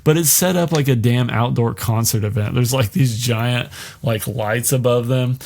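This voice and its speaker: A man's voice: medium pitch, moderate pace, gravelly, a little mellow. A man hosting a podcast, casually recapping a miniseries in a loose, rambling way with lots of fillers and swearing. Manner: rambling, heavy use of "like", swears freely. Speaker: podcast host.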